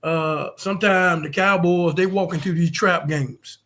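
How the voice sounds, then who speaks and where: Sports podcast dude breaking down games, lots of uhs, kinda high voice. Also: male voice, steady tone, fairly bright tone. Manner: thoughtful, halting, many fillers. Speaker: podcast co-host. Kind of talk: casual sports analysis.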